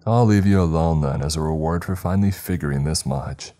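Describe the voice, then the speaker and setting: A cruel, condescending unseen spirit taunts with a sneer, as a male narrator puts him on. His voice sits extremely low and dark, mocking at every turn. Soft music plays underneath. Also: a little fast.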